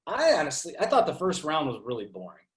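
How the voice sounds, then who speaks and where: A male sports reporter talks easily as a podcast guest in a slightly high voice. His speech rambles a little, and it is recorded in an echoey room. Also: wildly swooping pitch, fast talker. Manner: easygoing, rambling, laughs often. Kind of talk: casual chat.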